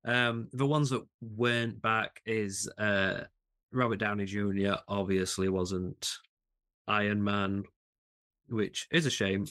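A man's voice: lowish voice, level tone, slow, a bit bright. A man chatting casually as a podcast co-host. He talks with eager enthusiasm, often restarting his sentences. He laughs easily as he goes. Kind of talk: casual chat.

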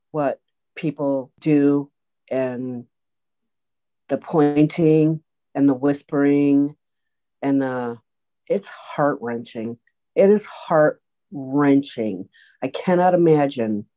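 Animated storytelling woman, dull recording. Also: low-pitched. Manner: animated storyteller, acts out quoted voices. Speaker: guest, autism program organizer. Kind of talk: storytelling interview answers. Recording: dull lo-fi sound.

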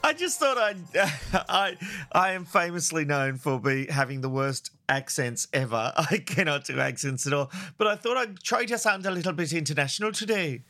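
Bright, jokey male podcast host. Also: on the high side, expressive, moderate pace, soft background music. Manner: jokey and laughing, with many stumbles and restarts. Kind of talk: casual true-crime podcast chat.

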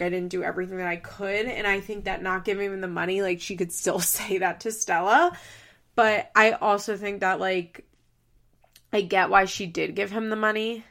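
A young woman hosts a podcast and talks through a reality TV episode in a loose, conversational recap. Her voice sits at a middle pitch with a gravelly, fry-heavy edge, and she peppers her sentences with "like" and small laughs. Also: fairly bright tone. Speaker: podcast host.

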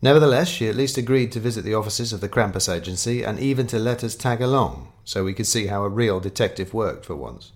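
A man's voice: on the low side, expressive, fast talker, hardly any pauses. A man narrating a comic story in a dry, wry, understated way. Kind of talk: scripted audiobook narration.

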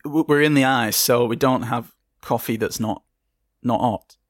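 A man's voice: mid-range voice, measured pace, no echo, studio quality, lightly acted. A man voicing a pompous, entitled man in a suit who talks down to everyone. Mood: indignant. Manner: condescending, sneering.

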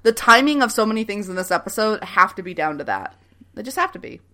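A woman chatting casually as a co-host, recapping a TV episode with lively retellings and some swearing. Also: medium pitch, fast talker. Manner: animated retelling with acted quotes and laughs; frequent swearing. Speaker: podcast co-host.

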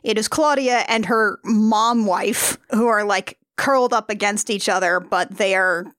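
A woman's voice: mid-range voice, a little slow, fairly bright tone, no room sound. Wry woman podcast co-host, dry sound. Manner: wry, jokey, acts out characters' lines. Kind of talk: casual movie-recap chat.

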